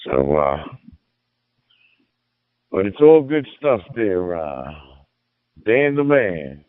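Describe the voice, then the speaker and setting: A middle-aged amateur radio operator from Illinois chats casually in a folksy, rambling way, repeating his words. His lowish voice swings widely in pitch and moves extremely slowly. He speaks into a radio transceiver mic, giving a narrow, dry transmission sound with no room sound.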